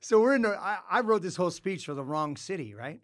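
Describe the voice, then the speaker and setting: Middle-aged man, studio podcast guest, animated, swearing storyteller, dry close mic. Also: high-pitched, fast, dry recording. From Canada. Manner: animated, profane storyteller with loud outbursts. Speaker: podcast guest, former hockey player. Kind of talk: casual storytelling.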